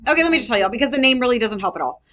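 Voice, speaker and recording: A woman's voice: a little high, lively intonation, very fast, fairly bright tone. A woman tutoring nursing students in a casual review lesson, quizzing them and acting out patients.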